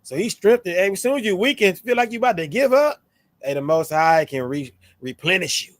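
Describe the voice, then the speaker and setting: A man talks through scripture in a loose, animated, slangy way. His voice sits a little high. The sound is dry and close, with no room echo. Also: fairly quick. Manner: animated, slangy, playful tones when quoting. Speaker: co-host of a scripture show. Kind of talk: casual religious discussion.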